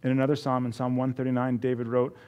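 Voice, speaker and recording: A man preaching a sermon in an earnest way, rising to emphasis and then dropping to a hush, often repeating words. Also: medium pitch, completely flat delivery, fast, dull audio. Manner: earnest, swings from rising emphasis to hushed quiet. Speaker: pastor.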